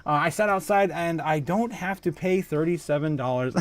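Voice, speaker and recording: A man with a fairly high voice hosts a casual livestream, reading viewer comments and reacting with frequent laughter. His talk is loose and full of fillers, restarts and exclamations. The sound is close and dry, with no room around it. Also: moderate pace, hardly any pauses, dry recording. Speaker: livestream host.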